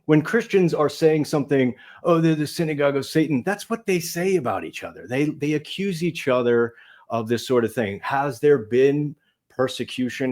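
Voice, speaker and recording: A man appearing as a guest on a talk show, arguing in an animated way and swinging between loud and soft. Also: mid-range voice. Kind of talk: casual talk show conversation.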